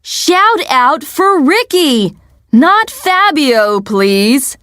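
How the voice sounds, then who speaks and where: A woman voicing a brisk film director who calls out orders to a crowd of extras, speaking very slowly and in a commanding way. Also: high voice, sing-song, fairly bright tone, dry recording, studio quality, voice pushed up, full character voice. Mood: correcting.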